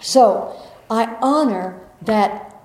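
Woman, workshop facilitator, slightly high voice, playful then soothing, echoey room. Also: drawn-out words, a little mellow. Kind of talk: guided group workshop talk. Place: indoor group room.

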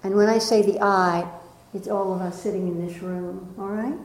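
A medium-pitched woman leads a spiritual gathering in a meeting room that echoes. After a slow poem recitation, she shares lively personal stories to inspire the group, playfully prompting the audience to take part.

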